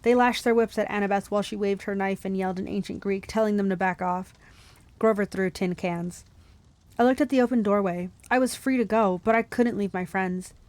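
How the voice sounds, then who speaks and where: A young woman reading a novel aloud for a book club, lively, with laughs and asides. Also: medium pitch, fairly quick, no echo.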